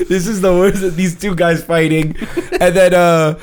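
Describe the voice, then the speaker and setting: Animated, swearing New man storyteller. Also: a little high, normal speed, smooth. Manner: animated, swearing, acts out quotes with shouts and laughter. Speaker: podcast co-host. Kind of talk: casual storytelling chat.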